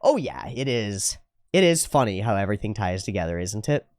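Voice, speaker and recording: A young man talks through viewer comments in loose, unscripted commentary. His pitch leaps up and drops down constantly, and he swears with ease. The room sounds dead and dry. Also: fairly quick, no echo. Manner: animated, swears freely, slips into mocking put-on voices. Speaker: anime reaction host.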